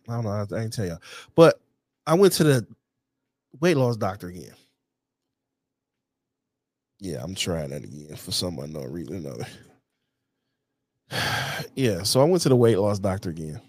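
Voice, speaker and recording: A man's voice: medium pitch, expressive, normal speed, long pauses, dry recording. Blunt, profane man talking to camera. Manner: blunt, heavily profane, repeats "you know what I'm saying". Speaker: podcast host. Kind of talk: casual monologue to camera.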